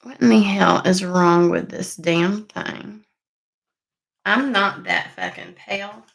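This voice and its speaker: A woman's voice: fairly low pitch, vocal fry, a bit bright. A woman hosting a spiritual reading channel, chatting casually and rambling with lots of swearing. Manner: profane, irritated, rambling. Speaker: tarot reader channel host. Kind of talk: casual chat to camera. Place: home room with desk and window. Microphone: camera mic.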